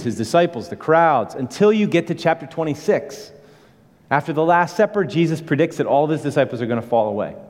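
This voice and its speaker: Male pastor, mid-pitched, earnest sermon delivery, hushed then emphatic; reverberant hall.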